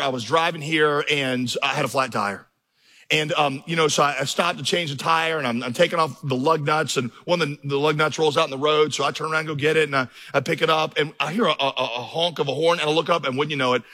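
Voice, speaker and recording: A pastor preaches a sermon in a large church auditorium, telling stories and building to impassioned emphasis. His voice is a little high and sharp in tone, he talks fast, and the recording carries the reverb of the hall.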